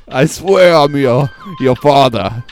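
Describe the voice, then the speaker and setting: A man playing a loud, confrontational, overprotective father in a comedy sketch, talking slowly and from a little way off the mic. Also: mid-range voice. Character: gruff overprotective father, middle-aged man.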